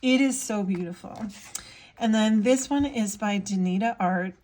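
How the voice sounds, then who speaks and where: A woman's voice: medium pitch, a little slow, a little mellow. A woman in her thirties, an artist chatting casually in her vlog, bubbly and gushing with lots of fillers as she shows her work. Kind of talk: casual chat while showing items.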